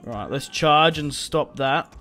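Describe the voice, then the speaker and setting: A man's voice: a little high, slow pace, bright, forceful tone, soft background music. A young man giving casual gameplay commentary, chatting and muttering orders to his troops as he plays. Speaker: gaming video creator.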